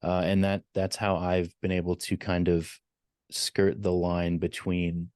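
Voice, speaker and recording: A man who is a guest on a podcast, talking in a measured, plain-spoken way in a casual conversation. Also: sits low, little pitch movement, a little mellow, clear, resonant tone, no room sound, studio quality.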